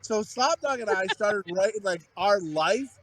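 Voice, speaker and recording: A man's voice: high voice, expressive, measured pace, a bit bright. A man co-hosting a podcast, telling rambling, profane stories in casual chat, full of fillers and restarts. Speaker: podcast co-host.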